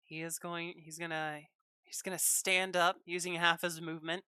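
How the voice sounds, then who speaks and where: A woman's voice: fairly low pitch, flat delivery, moderate pace, pushed and bright, clean tone, dry recording, studio quality. A woman running a tabletop game as game master on a stream, teasing and laughing often.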